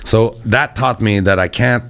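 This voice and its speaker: A man who is a touring comedian, telling stories in casual chat, profane and animated, acting out other people's voices. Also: fairly low pitch, measured pace, gravelly.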